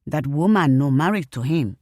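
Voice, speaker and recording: A woman's voice: low voice, animated, normal speed, a little mellow, no room sound, clean studio sound. A woman doing a sandpapery shopkeeper lady. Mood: gossiping. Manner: broken English, curt. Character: older shopkeeper woman, gravelly and fretful.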